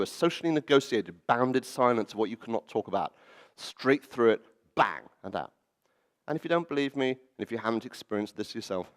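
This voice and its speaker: Animated man telling stories. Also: medium pitch. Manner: animated, acts out quoted voices and laughs at his own stories. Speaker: speaker at a public event. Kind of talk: storytelling public talk. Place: library event hall.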